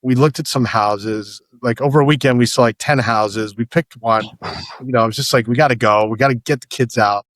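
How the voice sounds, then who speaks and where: A man's voice: mid-range voice, a little fast, a bit bright, no room sound. Rambling man in his fifties, dry sound. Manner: rambling storyteller, many restarts and repeated words. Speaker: startup founder guest. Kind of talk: casual podcast conversation.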